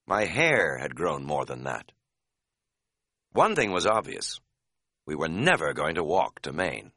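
A man reads an audiobook with a wry, deadpan humor, his low voice swooping widely in pitch. The tone is bright and forward, and the close studio mic leaves no room sound. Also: a little slow, no room sound. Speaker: narrator. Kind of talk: scripted audiobook narration.

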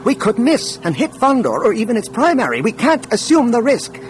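A man voicing an anxious, cautious technician who speaks up loudly. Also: very high voice, huge pitch swings, a little fast, slight background noise, voice pushed up, full character voice. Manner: loud, anxious.

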